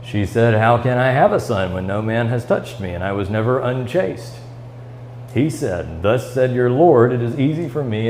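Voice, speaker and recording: A man's voice: mid-range voice, lively intonation, normal speed, darkish tone, slight background noise, poor audio. A man with a Midwestern American accent, teaching a Bible study lesson in a church classroom and reading passages aloud, with fillers and restarts. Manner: reads scripture aloud and explains it, with fillers and restarts.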